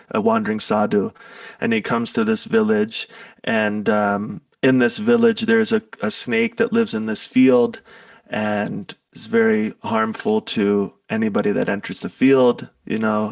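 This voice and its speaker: A man's voice: lowish voice, a little slow, vocal fry, dry recording, recorded from a distance. A man talking as an interview guest in a casual spiritual conversation, telling stories loosely and tagging his lines with "right?" and "you know".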